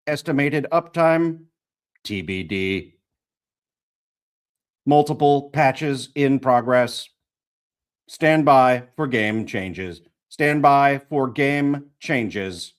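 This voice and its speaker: A man reading a flat game system announcer. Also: medium pitch. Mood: flat, official. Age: 50s. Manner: slow, measured announcements, repeats lines.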